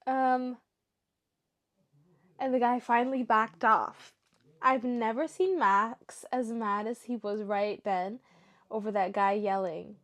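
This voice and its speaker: A young woman reading stories aloud for her show and breaking off into emotional, chatty reactions. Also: medium pitch. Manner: emotional, chatty asides between read passages. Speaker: story reaction host.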